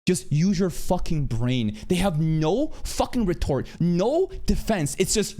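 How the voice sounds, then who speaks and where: A man streaming an angry rant, aggressive and profane, speaking in a rapid, assertive way. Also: high voice, sing-song, mellow.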